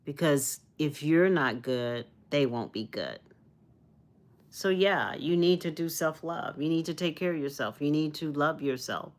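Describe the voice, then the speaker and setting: A woman's voice: low-pitched, a little slow. A woman from Arizona chatting live with her viewers, rambling and earnest, often repeating herself and restarting, with spiritual, uplifting talk about energy and self-love. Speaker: live streamer. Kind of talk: casual livestream chat with viewers.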